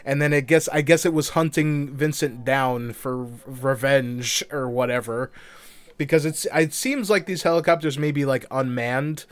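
A man co-hosting a podcast in loose, rambling chat, laughing often and dropping casual swears. His voice is smooth and resonant. The sound is dry and close. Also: medium pitch, moderate pace, dry recording. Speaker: podcast co-host.

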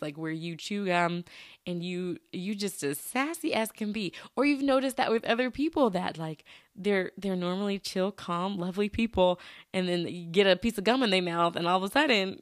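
A woman's voice: mid-range voice, a bit bright, dry recording, studio quality. A young woman hosting a casual solo podcast, chatty and often laughing. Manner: chatty, laughs often, addresses listeners as y'all. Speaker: podcast host.

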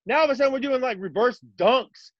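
A man co-hosting a casual sports chat, ranting in an animated, profane way. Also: very high-pitched, fast, dry recording, highs cut off. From Texas. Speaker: podcast co-host.

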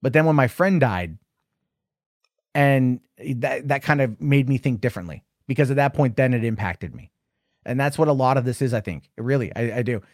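A man's voice: mid-range voice, expressive, normal speed, no echo, clean studio sound. Rambling, hesitant American man. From United States. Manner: rambling, hesitant, self-correcting. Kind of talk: casual debate chat.

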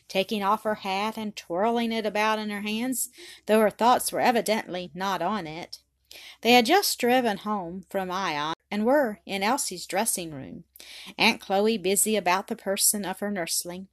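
Woman calmly reading an audiobook. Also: mid-range voice, measured pace, no echo, studio quality. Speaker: audiobook reader. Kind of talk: scripted narration.

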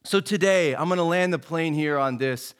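A man's voice: a little high, moderate pace, clean tone. A man in his thirties, an associate pastor giving a casual, earnest sermon full of folksy stories, saying "man" over and over. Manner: folksy storytelling, says "man" and "dude" constantly; animated and earnest.

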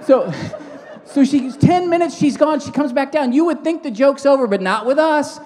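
A man preaching as a pastor, moving between fervent prayer and lively storytelling in a church. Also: very high-pitched, moderate pace, in a large hall, some chatter behind. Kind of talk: sermon with prayer.

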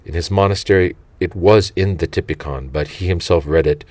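A man reading a saint's life aloud in a slow, reverent, measured way. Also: low voice, darkish tone, dry recording. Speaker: audiobook reader.

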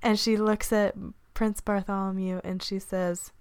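A woman's voice: mid-range voice, level tone, unhurried, clean tone, dry recording, clean studio sound. A woman co-hosting a podcast, telling a story playfully in casual chat. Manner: playful storyteller, laughs often.

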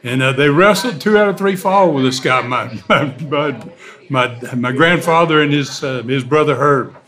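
Animated older man telling wrestling stories. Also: fairly high pitch, normal speed. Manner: animated storyteller, laughing often. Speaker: guest, former wrestler. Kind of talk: casual storytelling interview.

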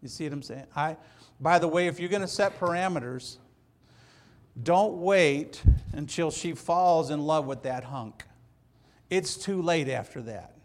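A man's voice: a little high, measured pace. A middle-aged man preaching a sermon as pastor, earnest and folksy, repeating his phrases and telling stories from his family.

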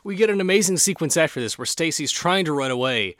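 A young man co-hosting a podcast, retelling scenes in an animated storytelling way. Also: fairly high pitch, fast, no room sound. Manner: narrates plot beats in an animated, storytelling way. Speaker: podcast co-host. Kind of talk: casual recap chat.

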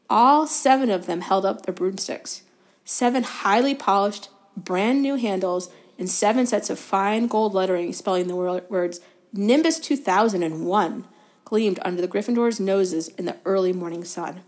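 Brief: woman guest reader, calm steady book narration, occasional stumbles corrected. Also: medium pitch, normal speed. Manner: steady storytelling, fillers of self-correction. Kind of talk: reading a novel aloud.

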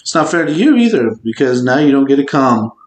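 A man's voice: mid-range voice, very animated, brisk, roomy sound. A man co-hosting a podcast in casual chat, crude and teasing. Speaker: podcast co-host.

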